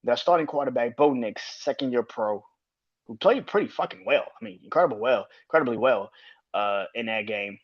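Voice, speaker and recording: Husky, animated man ranting about sports. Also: medium pitch, muffled recording. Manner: animated, profane, exasperated. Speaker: podcast host. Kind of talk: solo sports commentary rant.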